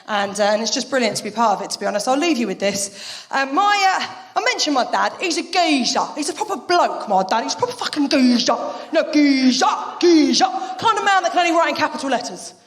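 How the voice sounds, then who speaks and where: A woman's voice: fast, hardly any pauses. A woman performing a live stand-up set on a theatre stage, telling jokey stories with big swings in her voice. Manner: animated, jokey storytelling with big pitch swings. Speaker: stand-up comedian. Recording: roomy live venue sound.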